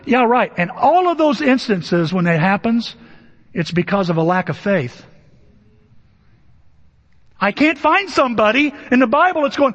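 A man with a very high, husky voice delivers a sermon in an easy, joking tone and slips into the voices of Bible figures as he goes. His pitch leaps around freely. The recording is dull and muffled, with a long reverb from a large church. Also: very animated, fairly bright tone. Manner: conversational and humorous, acting out Bible figures in quick asides. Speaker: pastor. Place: church sanctuary.

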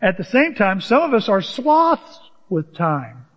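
A high-voiced man with big pitch swings preaches a little slowly as pastor, sounding conversational and humorous before rising to emphatic peaks. The church recording sounds dull, with a long reverb.

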